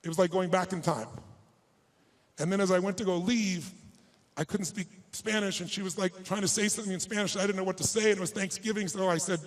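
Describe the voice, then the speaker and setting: A man with a fairly high speaking voice delivers a motivational speech to a live audience on stage. He tells a personal story with emphasis and often moves between quiet, hushed passages and louder, stronger ones. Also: steady tone, quick pace, poor audio.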